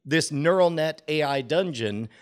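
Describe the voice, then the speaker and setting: Man, slightly high-pitched, podcast co-host, animated and chuckly. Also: a little slow. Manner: animated, laughing, reads game text aloud with rising excitement. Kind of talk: casual tech podcast chat.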